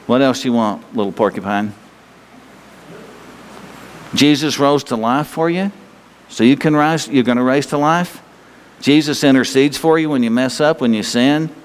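A man's voice: medium pitch, moderate pace, long pauses, smooth. A man preaching a sermon as pastor, folksy and exhorting, urging the congregation to speak along. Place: church sanctuary. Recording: long reverb of a church hall.

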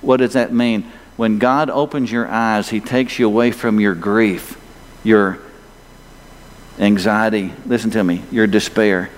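A man's voice: lowish voice, fairly even intonation, measured pace. A male pastor preaching a sermon, emphatic and full of rhetorical questions for the congregation. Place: church sanctuary. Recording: long hall reverb.

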